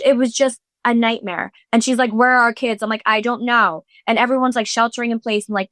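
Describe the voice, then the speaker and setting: A podcast host in her thirties tells a story in breathless casual chat, swearing freely and acting out what people said. Her voice is bright and tense, sitting a little high for a woman. The sound is dry and close, with no room echo. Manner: breathless, swearing, fillers, re-enacting quotes.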